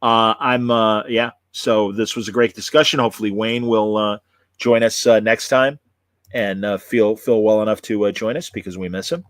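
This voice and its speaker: A man's voice: on the low side, fairly even intonation, moderate pace, no echo. Man, talk show host, casual chat, lots of uhs and restarts, dry close sound. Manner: rambling, many fillers and restarts.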